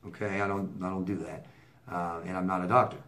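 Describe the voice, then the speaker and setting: A man's voice: sits low, little pitch movement, brisk, a bit bright. Blunt, repetitive man coaching viewers. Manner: blunt, repeats himself for emphasis, stammers on restarts. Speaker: relationship coach answering viewer letters. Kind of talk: casual advice monologue.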